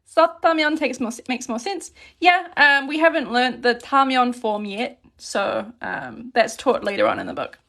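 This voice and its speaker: A woman teaching a relaxed, chatty live grammar lesson and reading out questions from chat as she writes on paper at her desk. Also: a little high, fairly quick, creaky, few pauses. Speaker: Korean language teacher.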